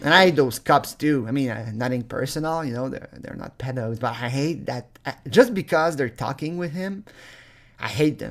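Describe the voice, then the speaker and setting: A man's voice: medium pitch, normal speed. A man ranting angrily on his own channel, swearing often, tripping over his words and breaking into laughter. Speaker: vlogger. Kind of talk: profane comedic rant.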